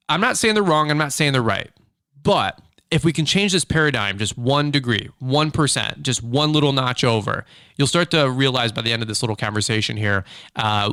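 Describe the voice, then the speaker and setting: A man hosting a casual business podcast from a small makeshift studio, talking in an animated, rambling way with many fillers and restarts. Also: medium pitch, clean tone, no echo. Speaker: podcast host, lawn care business owner. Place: small makeshift home studio with a hard wood table.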